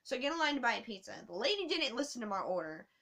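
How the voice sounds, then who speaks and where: A woman telling a travel story to her camera in a casual, animated way, swearing often. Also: a little high, racing.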